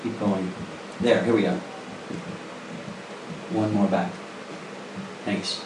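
A male pastor with a lowish voice and fairly even intonation preaches slowly in a church sanctuary, earnest and emphatic as he presses the congregation with direct questions. The sound is distant and roomy, with background noise.

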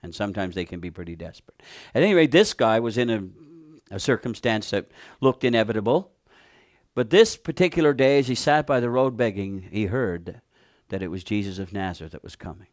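A man preaching a sermon, retelling a Bible story with animated, fervent emphasis. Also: mid-range voice, no room sound, clean studio sound.

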